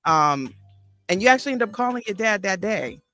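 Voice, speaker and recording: A woman's voice: medium pitch, lively intonation, fairly quick, bright, forceful tone, soft background music. A woman therapist and life coach hosting a podcast, thoughtfully recalling a past conversation on a video call. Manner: reflective, thoughtful recollection. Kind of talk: casual interview conversation.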